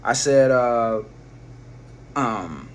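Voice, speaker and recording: A man's voice: medium pitch, lively intonation, extremely slow. A man casually telling a personal story, rambling with slang, swearing and frequent restarts. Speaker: vlogger.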